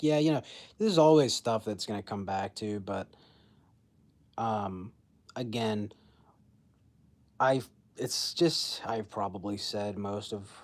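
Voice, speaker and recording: A man's voice: on the low side, a little mellow. A young man streaming from his phone, rambling through casual chat with lots of fillers and laughing at his own jokes.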